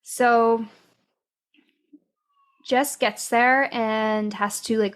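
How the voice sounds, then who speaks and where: Woman host, unhurried book recap, mid pitch, lots of ums and likes. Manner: unhurried retelling with many fillers. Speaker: podcast host. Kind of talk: casual book discussion.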